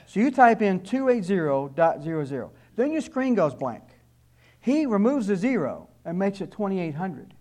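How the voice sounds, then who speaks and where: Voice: medium pitch, a little mellow. A speaker giving an informal warning talk to an audience, full of anecdotes, who talks conversationally, often repeats words when starting a sentence and adds wry asides.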